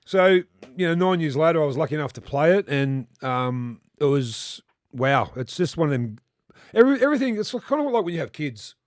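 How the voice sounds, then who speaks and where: An Australian man in his fifties, a former rugby league player, telling rambling, animated stories in casual chat and swearing freely. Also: a little high, moderate pace, dry recording, studio quality. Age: 50s.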